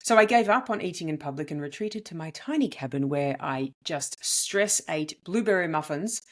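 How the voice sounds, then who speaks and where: A woman who works as a comedian and podcast host tells a story in a lively, emphatic monologue, her voice swinging widely. She speaks low and at an ordinary pace.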